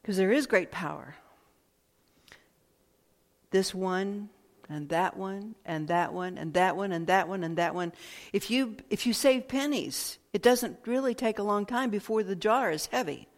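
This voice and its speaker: A woman speaks slowly and thoughtfully, circling back over her phrases as she reflects. Her voice carries a long reverb, as if recorded in a large hall. Her pitch sits in an ordinary middle range. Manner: thoughtful, slow, with repeated phrases and pauses. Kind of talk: reflective spoken talk.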